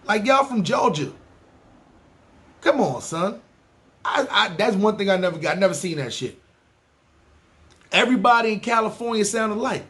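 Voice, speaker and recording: Male podcast host, NYC accent, slightly high voice, loose profane street monologue. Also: moderate pace, long pauses. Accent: New York City. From New York City. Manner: animated, profane street talk. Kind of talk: casual monologue ranking places.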